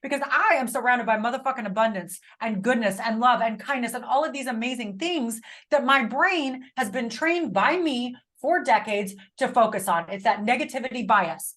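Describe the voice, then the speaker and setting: A woman's voice: on the high side, fairly bright tone. A woman in her thirties hosting a casual chat, blunt and emphatic, swearing freely. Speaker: podcast host.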